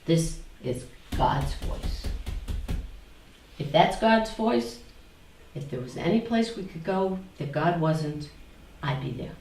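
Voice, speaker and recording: Woman spiritual teacher, slow and animated, recorded roomy from a distance. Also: on the low side, a little hiss or hum. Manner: questions the audience, repeats phrases in a singsong. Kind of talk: interactive spiritual talk to a group.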